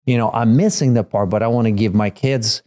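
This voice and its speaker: A man's voice: on the low side, steady tone, fairly quick, a little mellow. A man in his fifties, a guest on a parenting podcast, telling a family story in a loose, rambling way with many fillers and restarts. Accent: Russian. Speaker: guest, father of three. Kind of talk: casual storytelling in a podcast conversation.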